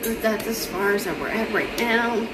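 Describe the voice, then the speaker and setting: A woman's voice: on the high side, a little slow, very noisy. A woman chatting casually to camera as a book vlogger, rambling with lots of ums and restarts. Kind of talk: casual chat.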